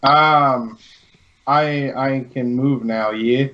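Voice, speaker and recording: A man playing a tabletop game, answering hesitantly and haltingly. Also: medium pitch, fairly even intonation, muffled recording. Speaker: player.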